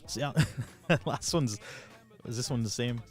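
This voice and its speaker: Speaking a little slowly at medium pitch, an adult man streams live and chats casually. A streamer who also mods as a hobby, he wanders from topic to topic, runs himself down, fills gaps with fillers, and welcomes viewers as he goes.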